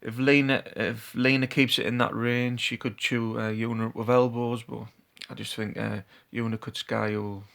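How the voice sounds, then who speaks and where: A man's voice: medium pitch, little pitch movement, normal speed, gravelly, few pauses, fairly bright tone. Laid-back hesitant male vlogger. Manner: laid-back, hesitant, often trails off and restarts. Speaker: vlogger giving fight predictions. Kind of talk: casual talk to camera.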